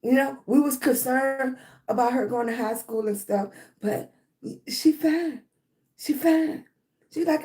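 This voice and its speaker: High-voiced woman giving a motivational talk. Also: measured pace, warm tone. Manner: repetitive, keeps asking "right?". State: chest congestion, clearing her throat. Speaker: live stream host. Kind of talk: motivational live-stream talk.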